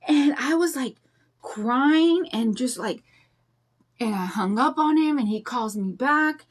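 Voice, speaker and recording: A woman's voice: sits high, lively intonation, slow, long pauses. A woman in her fifties chatting in a rambling, confiding way while she paints, telling a personal story. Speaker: craft vlogger. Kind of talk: casual chat while painting.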